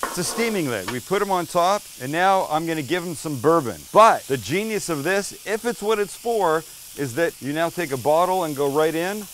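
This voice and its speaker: A man's voice: fairly high pitch, lively intonation, moderate pace, a bit bright, slight background noise. A middle-aged man hosting a casual cooking demo, chatty and teasing as he cooks. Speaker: cooking show host.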